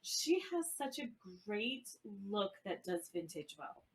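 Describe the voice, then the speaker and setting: A woman's voice: mid-range voice, big pitch swings, slow pace, poor audio. A woman in her forties co-hosting a podcast, casually talking through a film review and thinking aloud. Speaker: podcast co-host. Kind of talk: casual movie review chat.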